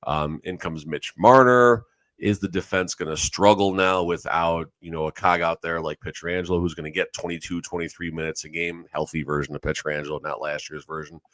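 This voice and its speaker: A man's voice: sits low, fairly even intonation, fairly quick, fairly bright tone, no room sound. A man co-hosting a sports podcast in casual chat, rambling and often correcting himself. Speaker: podcast co-host.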